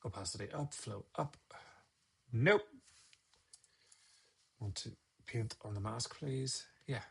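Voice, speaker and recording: A man with a medium-pitched, gravelly, slightly rough voice speaks slowly. He's a photographer teaching photo editing on a live stream, muttering his steps aloud, scolding himself, and tossing in chatty asides.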